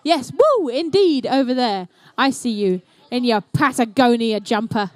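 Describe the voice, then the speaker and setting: A woman's voice: on the high side, expressive, a little slow, darkish tone, no echo, a faint crowd. A young woman doing live, playful, chatty commentary at an indoor competition. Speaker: event commentator.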